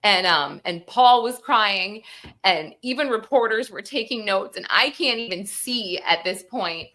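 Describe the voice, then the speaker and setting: A woman's voice: mid-range voice, pushed and bright. A woman recapping a court hearing in emotional casual talk, rambling, quoting people, tearful and close to crying. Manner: rambling, quotes people in acted voices.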